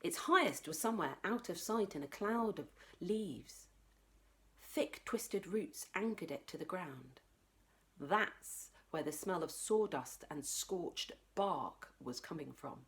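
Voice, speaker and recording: A woman reading a children's book aloud as a librarian, expressive, dropping to a whisper for tense moments. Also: fairly low pitch, slow. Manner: expressive, drops to whispers for tension. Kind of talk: children's storybook read-aloud.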